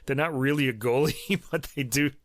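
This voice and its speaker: A man's voice: medium pitch, moderate pace, no echo, clean studio sound. A man in his fifties with a New York accent, hosting a casual podcast and reviewing classical recordings in a chatty, hesitant way. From New York City. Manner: chatty, hesitant with many ums and restarts, laughs often. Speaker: podcast host. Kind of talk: casual music review chat.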